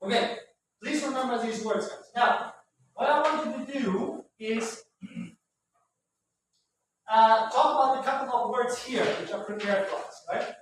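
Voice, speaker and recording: A man's voice: very high voice, a little slow, pauses often. A man teaching English vocabulary to a class, patiently explaining words and often checking in with "right?". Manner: patient, repetitive, ends phrases with "right?". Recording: very echoey room, far from mic, faint noise.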